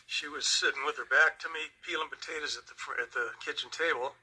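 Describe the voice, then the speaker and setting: An older man and Vietnam veteran, telling a personal story slowly and with emotion. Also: fairly high pitch, steady tone, sharp tone, slight background noise, low-quality recording. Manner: slow, emotional, reflective.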